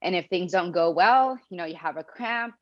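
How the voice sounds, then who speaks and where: Brief: young woman guest, lowish voice, reflective, laughs often, dull lo-fi sound. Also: expressive, moderate pace. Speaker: podcast guest. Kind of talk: casual interview talk.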